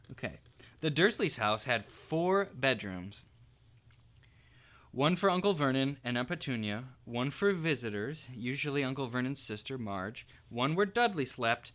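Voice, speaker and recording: A man reads a children's storybook aloud with playful expression. His voice is bright and swings widely in pitch as he tells the story. It has the feel of a teacher reading to a class.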